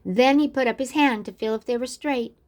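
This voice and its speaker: An older woman reading a picture book aloud to children, expressively, and pausing to ask the listener questions. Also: a little high, a little mellow. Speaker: storyteller.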